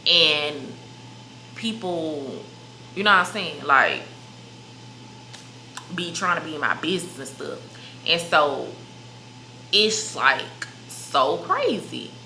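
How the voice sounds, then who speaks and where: Chatty young woman with a bright voice. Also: deep voice, animated, takes it slowly, pauses often. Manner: chatty, emphatic, addresses viewers as "y'all" and "baby". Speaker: vlogger. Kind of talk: casual sit-down chat to camera. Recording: echoey room with faint noise.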